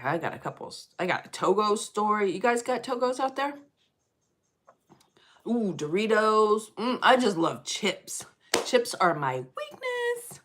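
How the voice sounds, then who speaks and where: A middle-aged woman chatting on a livestream, telling stories in a lively, fired-up way and greeting viewers by name. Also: mid-range voice. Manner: animated storyteller, gets loud and fired up. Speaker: livestream host. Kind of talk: casual livestream chat.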